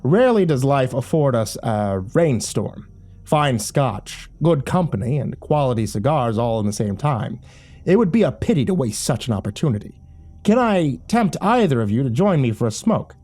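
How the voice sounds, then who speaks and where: A man voicing a suave, confident gentleman who speaks in a polished, genteel way. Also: mid-range voice, sing-song, normal speed. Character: suave, confident adult man, politician-like charm.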